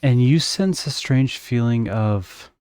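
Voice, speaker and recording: A man running a tabletop game as game master. He narrates in measured, descriptive phrases at a middle pitch. The sound is close and dry. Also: a little mellow, smooth, dry recording.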